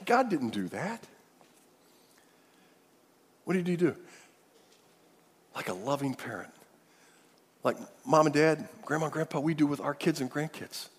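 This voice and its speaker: A man's voice: on the high side, animated, unhurried, pauses often, breathy edge, big-room sound. An older man preaching a sermon as pastor, emphatic, often repeating words and restarting phrases.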